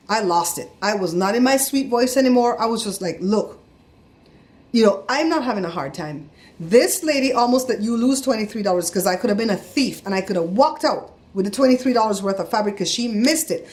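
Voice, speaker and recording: A middle-aged woman vlogs casually at a medium pitch and normal speed. She tells a story with growing heat, animatedly acting out the voices of the people in it.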